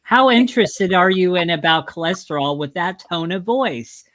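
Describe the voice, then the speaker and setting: A man co-hosting an online talk show, talking lively and animated. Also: high voice, moderate pace, no room sound. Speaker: co-host.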